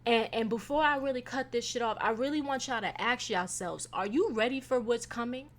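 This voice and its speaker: A young woman hosting a casual solo podcast, venting in a profane, animated way with sudden loud bursts. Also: fairly high pitch, fairly quick. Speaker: podcast host.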